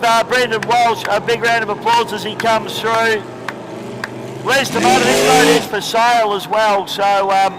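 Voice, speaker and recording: A man's voice: high voice, background noise. A man with an Australian accent commentating trackside at a boat race, chatty and joking, talking into a handheld microphone outdoors.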